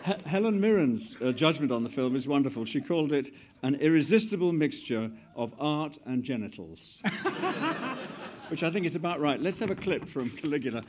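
A man's voice: a little high, big pitch swings, normal speed, a little mellow, slight background noise. A man conducting an onstage interview, setting up clips and prompting his guest. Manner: well-prepared, prompting questions. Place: stage event before an audience.

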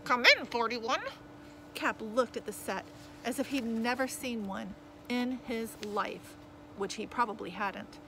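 A woman reading a children's novel aloud in lively, expressive first-person storytelling. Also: a little high, unhurried, gravelly, background noise. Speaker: audiobook reader.

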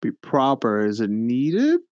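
A male tabletop player talks bluntly and impatiently, joking as he goes. His pitch jumps around a lot. The sound is dry and close. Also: huge pitch swings, takes it slowly, no room sound, lo-fi sound. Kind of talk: casual tabletop chat.

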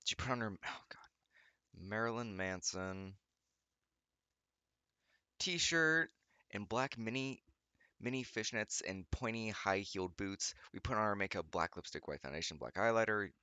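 A man's voice: fairly low pitch, measured pace, long pauses, bright, forceful tone, clear, resonant tone, dry recording. A young man reading fan fiction aloud, breaking off often with sarcastic remarks and laughter. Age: young adult. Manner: sarcastic, laughs often, stumbles over words. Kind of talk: reading aloud with mocking commentary.

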